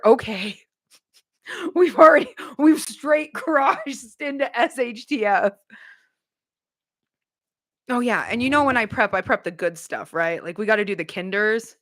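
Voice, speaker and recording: A woman, hosting a casual livestream and joking with her viewers in an animated way. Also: on the high side, measured pace, pauses often. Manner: animated, joking, addresses chat as y'all. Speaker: livestream host.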